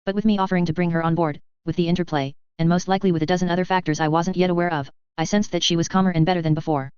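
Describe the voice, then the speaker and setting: A woman's voice: lowish voice, steady tone, very fast, a little mellow, smooth, no room sound. A woman narrating a first-person novel as an audiobook, reading steadily. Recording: slightly dull lo-fi.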